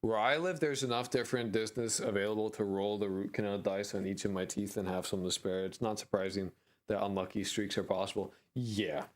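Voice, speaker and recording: A man's voice: lowish voice, fairly even intonation, a little fast. An American man chatting on a live stream, rambling and jokey, with crude language. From United States. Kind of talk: casual live-stream chat.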